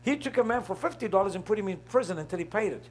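A man's voice: high voice, animated, rapid-fire, slight background noise. A middle-aged man preaching a sermon, asking the congregation questions and laughing along with them. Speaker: pastor.

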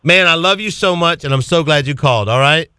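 Male radio preacher host, fervent, exclamatory, fairly high voice, dry close sound. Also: fairly quick, bright, forceful tone, smooth, no echo. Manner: fervent, exclamatory, rhetorical questions.

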